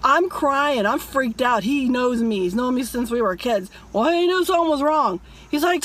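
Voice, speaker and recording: Woman, high-pitched, emphatic, dramatic dream story, preachy vlog. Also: expressive, normal speed, a bit bright. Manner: emphatic, addresses viewers as "people". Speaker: religious vlogger.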